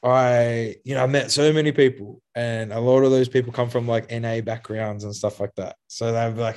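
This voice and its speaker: Animated swearing man telling stories. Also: medium pitch, quick pace, hardly any pauses. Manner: animated, swears, laughs often, acts out quoted voices. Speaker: guest, youth program founder. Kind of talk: casual interview storytelling.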